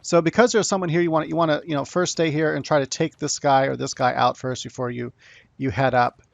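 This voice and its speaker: A man's voice: fairly high pitch, fairly even intonation, fast talker, creaky, highs cut off. A man giving a casual gameplay tutorial, rambling with frequent restarts and "you know" as he explains tactics. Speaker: gaming tutorial creator.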